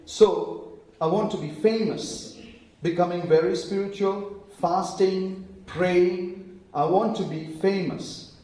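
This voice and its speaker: A man preaching a sermon in a big, echoey church hall, heard from some way off the microphone. His voice is somewhat high and mellow, and he tells stories, dropping to a hush for quoted lines. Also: steady tone, slow pace, far from the mic. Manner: storytelling, acting out quotes in hushed voices.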